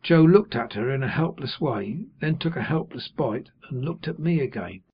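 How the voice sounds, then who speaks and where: Brief: male audiobook reader, husky, mid pitch, measured narration, dull lo-fi sound. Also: lively intonation. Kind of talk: scripted narration.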